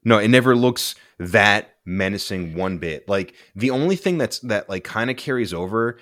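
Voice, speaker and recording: A young man co-hosts a relaxed movie-review podcast, drifting off on tangents and dropping "dude" and "like" constantly. His voice is fairly low and a bit bright, expressive at a moderate pace, and the recording is dry, clean studio sound.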